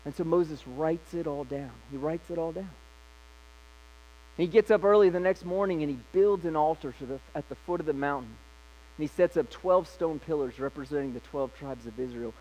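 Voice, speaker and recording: A man's voice: fairly high pitch, darkish tone, rough recording. A male pastor preaching a sermon, retelling scripture in a casual, conversational way.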